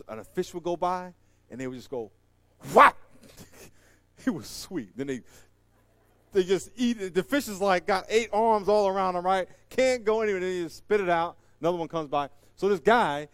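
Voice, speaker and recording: A man doing stand-up storytelling, animated and acting out the voices in his story while laughing at it himself. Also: high voice, normal speed, no echo, studio quality. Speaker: comedian.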